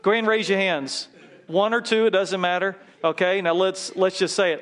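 A man's voice: sits high, steady tone, fairly quick, fairly bright tone. A man preaching a sermon as a pastor in a church, leading his congregation in call-and-response and prayer.

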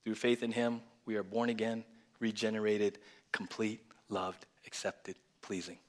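A male pastor preaching a lively sermon, swinging from loud exclamations to hushed near-whispers and calling for congregation responses. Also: fairly low pitch, measured pace. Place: church.

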